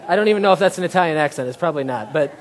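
Fairly high and expressive, this pastor races through a chatty sermon, dropping "right?" tag questions and self-deprecating jokes. A faint crowd and a little hiss or hum can be heard.

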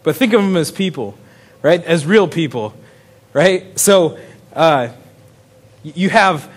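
A man's voice: a little high, expressive, slow. A man preaching a casual sermon in a chatty way, chuckling often and restarting his sentences. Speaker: pastor.

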